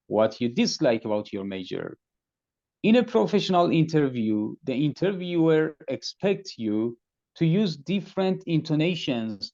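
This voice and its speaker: A man serving as an external examiner, giving deliberate, emphatic spoken feedback to students and repeating key phrases. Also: medium pitch, darkish tone. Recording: dull lo-fi audio.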